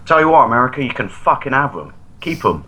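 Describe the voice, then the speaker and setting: A man's voice: medium pitch, big pitch swings, fast talker, sharp tone, rough recording. An English man co-hosting a podcast, chatting casually in profane, jokey rants. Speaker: podcast co-host. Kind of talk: casual chat.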